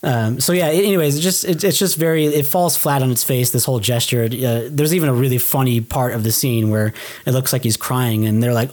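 A man with a brisk, mid-range voice co-hosts a podcast. In a relaxed chat about a TV show, he walks through an episode with lively energy, voicing the characters' lines as he goes.

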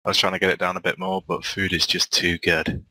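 A man talking in a casual group chat, hesitant and halting. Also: low-pitched, level tone, pushed and bright, low-quality recording.

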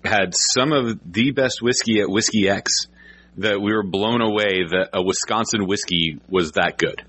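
Low husky man hosting a podcast. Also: normal speed, a bit bright. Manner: easygoing, frequent brief agreements. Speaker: podcast host. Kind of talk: casual podcast chat.

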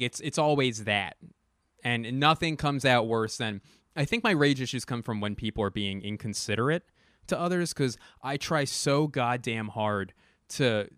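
A man's voice: mid-range voice, fairly bright tone, clear, resonant tone, no echo, studio quality. A young man hosting a podcast, rambling casually and profanely with a self-mocking edge. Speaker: podcast host. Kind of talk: casual comedic monologue.

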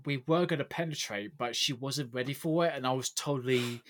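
A man co-hosting a casual podcast chat, rambling and animated, laughing often. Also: medium pitch, a little fast. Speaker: podcast co-host.

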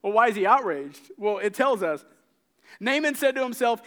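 A man preaching a sermon, retelling scripture stories with lively acted-out dialogue and frequent repeated words. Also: extremely high pitch, brisk, clear, resonant tone. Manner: animated storytelling, acting out characters' lines.

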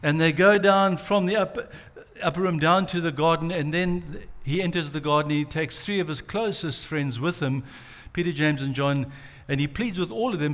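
Male preacher, mid-high voice, dramatic storyteller. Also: moderate pace, few pauses, a bit bright. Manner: dramatic storytelling, acts out quotes. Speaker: pastor. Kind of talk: sermon.

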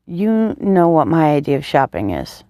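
A woman voicing a tough young former soldier who speaks in a quiet, murmuring, blunt way. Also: deep voice, sing-song, normal speed, dry recording, clean studio sound.

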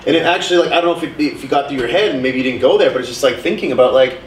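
A young man co-hosting a casual podcast chat, telling stories and acting out what people said with lively swings in his voice. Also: medium pitch, racing, a little hiss or hum. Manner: animated storyteller, acts out quotes. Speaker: podcast co-host. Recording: roomy sound, mic at a distance.

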